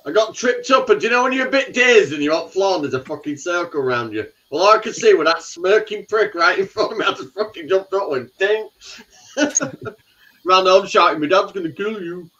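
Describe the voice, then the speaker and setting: A man's voice: high-pitched, animated, brisk, sharp tone. A man chatting casually as a guest on a live stream, swearing and laughing as he tells a story. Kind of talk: casual chat. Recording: dull lo-fi sound.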